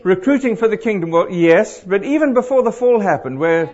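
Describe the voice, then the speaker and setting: A middle-aged man preaching to a congregation, animated and throwing questions out to the crowd. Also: high voice, a little fast. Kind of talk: interactive sermon. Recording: dull lo-fi live recording.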